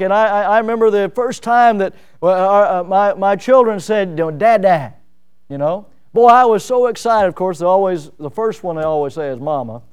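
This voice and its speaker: Man preaching, high voice, smooth and resonant, folksy and animated. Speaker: pastor. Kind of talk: sermon.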